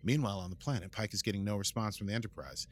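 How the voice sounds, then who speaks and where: New guy recapping a show on a podcast, lowish voice, rambly and goofy. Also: racing, husky. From United States. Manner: rambling, playful, adds sound effects. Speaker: podcast host recapping an episode. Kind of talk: casual chat.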